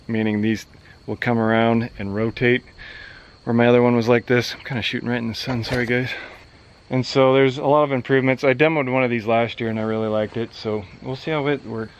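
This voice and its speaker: Laid-back farmer, outdoors. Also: male voice, medium pitch, level tone, brisk, smooth, muffled recording. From central Nebraska, USA. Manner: laid-back, rambling, loose explanations. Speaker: farmer and vlogger. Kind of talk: casual walkaround vlog. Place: outdoors on a farm, by machinery.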